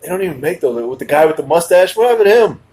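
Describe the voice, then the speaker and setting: A man hosting a podcast, telling stories in casual chat with loud, animated bursts. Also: on the high side, rapid-fire. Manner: animated storyteller, loud bursts when acting out reactions. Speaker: podcast host.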